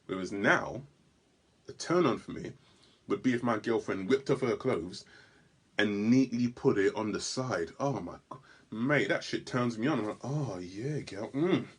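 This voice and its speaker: Husky man doing stand-up. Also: fairly low pitch, moderate pace. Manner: animated storytelling with sudden loud outbursts; stammering restarts. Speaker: stand-up comedian. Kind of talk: stand-up comedy routine. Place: comedy club stage.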